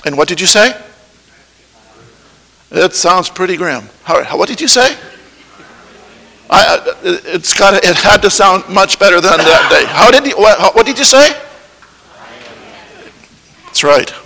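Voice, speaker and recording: A man preaching a sermon, quizzing the congregation with many halting restarts. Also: high-pitched, expressive, vocal fry, sharp tone. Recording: long hall reverb.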